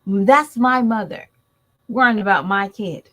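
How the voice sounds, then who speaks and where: A woman holds forth in an opinionated vlog, blunt and emphatic as she talks straight to her viewers. She takes her time, with a slow, deliberate pace that lets each point land. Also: medium pitch, pushed and bright, low-quality recording. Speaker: mother and YouTube commentator.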